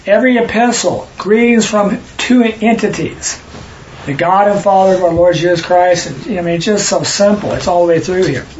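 Man, Bible study teacher, high pitch, corrective explaining style, faint hiss behind. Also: normal speed, darkish tone, dull audio. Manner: explanatory, stops readers to correct and stress words.

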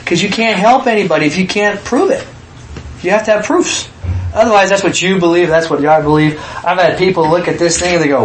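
A man preaching a sermon in an animated way, acting out quotes with sudden shouts. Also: high voice, fairly quick, reverberant, noisy background.

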